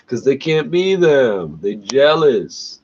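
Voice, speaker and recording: A man's voice: mid-range voice, very animated, slow. A man ranting angrily and sarcastically, swearing constantly and laughing between complaints. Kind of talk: profane ranting monologue. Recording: muffled lo-fi recording with faint background hiss.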